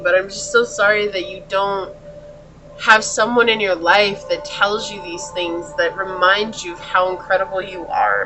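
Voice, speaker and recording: Bright-voiced woman giving a consoling tarot reading. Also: medium pitch, a little hiss or hum. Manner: earnest, consoling, speaks straight to the viewer. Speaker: tarot reader. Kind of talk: pick-a-card tarot reading.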